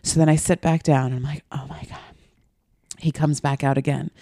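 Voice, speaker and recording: A woman's voice: low-pitched, fairly even intonation, a little fast, dark tone, no room sound, studio quality. A woman podcast host telling a comic story in casual chat, acting out quotes and swearing freely.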